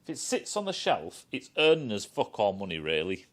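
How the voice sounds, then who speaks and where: A man's voice: lowish voice, wildly swooping pitch, normal speed, a bit bright. A man ranting in a casual, sweary, sarcastic review. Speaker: film and TV reviewer.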